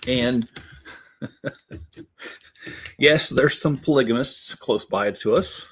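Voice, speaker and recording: A man's voice: medium pitch, lively intonation, drawn-out words, pauses often, husky. A man hosting a casual livestream while building Lego. He rambles with plenty of fillers and keeps breaking into laughter.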